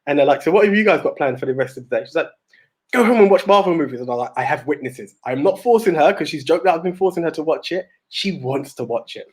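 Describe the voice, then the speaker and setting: A young man co-hosting a podcast, telling stories in a rambling, animated way with many restarts. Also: fairly high pitch. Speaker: podcast co-host. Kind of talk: casual chat.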